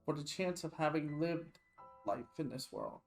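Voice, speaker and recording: Calm, earnest male comforter, soft delivery, read aloud by a man, slightly high voice. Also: unhurried, soft background music, rough recording. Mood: tender. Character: gentle grown man comforting a dying girl.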